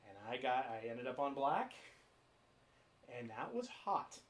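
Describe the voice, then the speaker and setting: A man's voice: mid-range voice, very animated, a little slow. A man co-hosting a podcast, telling rambling stories in casual chat and swearing freely. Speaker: podcast co-host.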